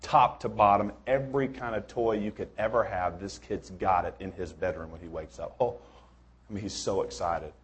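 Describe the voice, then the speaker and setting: A man's voice: fairly low pitch, moderate pace, breathy edge. A man preaching a sermon in a casual, rambling way, with joking asides and many restarts.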